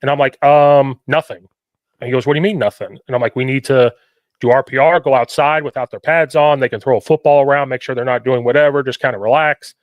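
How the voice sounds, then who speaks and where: A man hosting a podcast, telling coaching stories in an animated way and often quoting himself. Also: medium pitch, fast, dry recording, muffled recording. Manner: animated storytelling, quoting himself, repetitive questions. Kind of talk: casual podcast conversation.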